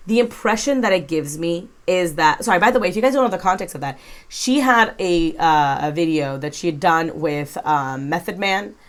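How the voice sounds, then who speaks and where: Lowish-voiced woman doing reaction commentary, blunt and sweary, no filter. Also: animated, moderate pace. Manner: blunt, frank, swears casually. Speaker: commentary YouTuber.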